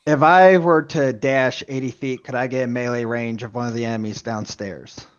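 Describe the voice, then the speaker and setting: A man's voice: medium pitch, steady tone, normal speed. Man player on dull lo-fi audio. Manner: asks about rules, declares his moves. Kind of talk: casual tabletop game chat.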